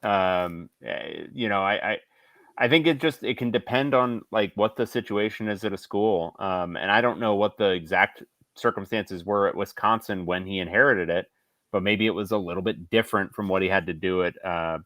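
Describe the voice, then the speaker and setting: A male podcast co-host in casual sports chat, talking in a measured, hedging way with fillers. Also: sits low, a bit bright, no echo.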